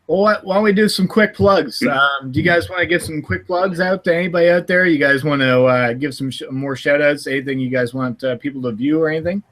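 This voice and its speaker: A man's voice: fairly high pitch, fairly quick, few pauses, fairly bright tone. A man hosting a podcast in casual chat, laughing often and rambling with restarts. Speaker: podcast host.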